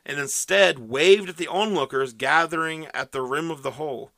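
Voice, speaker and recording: Male podcast co-host, bright and slightly high, laid-back joker, dry close sound. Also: normal speed, creaky, no echo. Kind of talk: casual chat.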